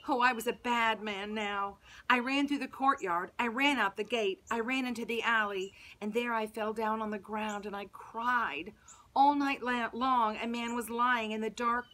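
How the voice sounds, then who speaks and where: A Sunday school teacher reading a children's bible story aloud in first person, dramatic with hushed and loud turns. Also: female voice, fairly high pitch, steady tone, normal speed.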